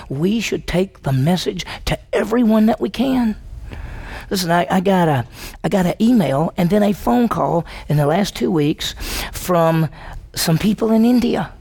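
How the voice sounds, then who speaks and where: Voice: medium pitch, gravelly, a little mellow, breathy edge. A pastor preaching a sermon, telling the story vividly and putting questions to the congregation. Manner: storytelling, acting out the dialogue; emphatic, asks the congregation questions.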